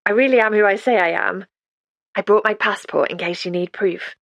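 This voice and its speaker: A woman's voice: mid-range voice, moderate pace, no room sound, muffled recording, lightly acted. A woman voicing a polite, earnest young woman in her late twenties in an audiobook reading.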